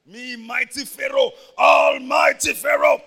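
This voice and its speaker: A man acting out a boastful, defiant Pharaoh king who shouts a taunting challenge. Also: extremely high pitch, huge pitch swings, a little slow, vocal fry, husky, big-room sound, some chatter behind, heavily acted.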